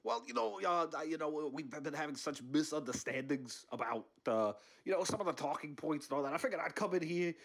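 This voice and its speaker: In a comedy sketch impression, a man voices a grumbling older male politician sneaking into a house, muttering in hushed tones and swearing crankily under his breath. The voice is fairly high, expressive, and a little fast, with vocal fry and hardly any pauses, and the mood is pleading.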